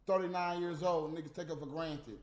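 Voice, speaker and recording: A man ranting in profane, casual talk to his viewers, swinging from low muttering to loud outbursts. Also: fairly even intonation, fairly quick. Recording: roomy echo, faint music behind.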